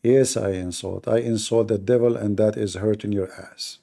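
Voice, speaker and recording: A man's voice: on the low side, fairly even intonation, moderate pace, creaky, mellow. A male livestream debate host who talks in a mocking, combative way, with sarcastic jabs and broken, non-native grammar. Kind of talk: combative live debate talk.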